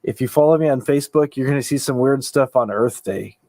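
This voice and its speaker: A man's voice: mid-range voice, a little fast, mellow, no room sound. A man hosting a late-night livestream, chatting casually in a laid-back, rambling way with restarts and chuckles. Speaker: livestream host.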